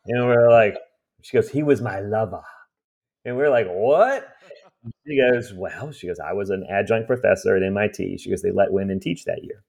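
A man with a low, gravelly voice tells stories from his work clearing out houses. He is animated and acts out the voices of the people he met. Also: fairly quick. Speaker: estate cleanout business owner. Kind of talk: storytelling in a conversation.

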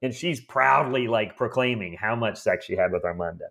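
Here the owner of an estate cleanout business speaks at a moderate pace, his fairly low voice slightly creaky. He's an animated storyteller in conversation, performing the different characters as he goes.

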